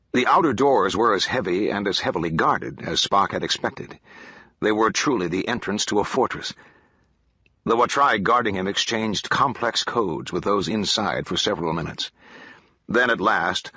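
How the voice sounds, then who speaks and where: A man narrating an audiobook in a steady, measured way, on a dull, dry lo-fi recording. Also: lowish voice, slightly rough, dry recording. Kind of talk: scripted narration.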